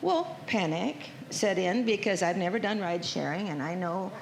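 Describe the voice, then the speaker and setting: A woman's voice: lowish voice, lively intonation, normal speed, creaky. An older woman telling a chatty, folksy personal testimony to a church congregation. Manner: chatty, folksy storyteller, emotional. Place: church sanctuary. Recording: echoey church hall with faint noise.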